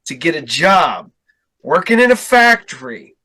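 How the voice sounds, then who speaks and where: A man telling a story in casual podcast chat, acting out quotes with big jumps in pitch. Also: sing-song, a little slow, bright, forceful tone. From Ohio. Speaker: podcast guest.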